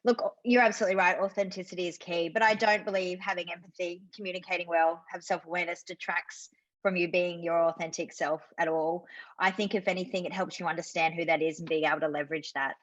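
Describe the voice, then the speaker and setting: A British woman speaks as a sales coach in a webinar. Her audio is dry and a little muffled. She explains with enthusiasm and quick asides. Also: lowish voice, steady tone, no echo. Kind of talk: webinar conversation. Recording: dull lo-fi video call audio.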